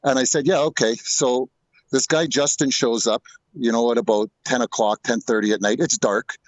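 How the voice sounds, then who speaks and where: A man's voice: medium pitch, steady tone, moderate pace, no room sound, low-quality recording. A middle-aged man telling a ghost story in a loose, rambling way, full of restarts and asides. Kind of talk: casual storytelling.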